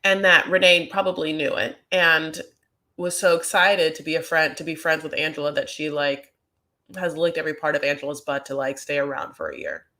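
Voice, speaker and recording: Rambling through a reality TV recap with plenty of gossip, this woman talks casually and fills her sentences with "like" and "you know." Her voice is slightly low, a little fast, and pushed and bright.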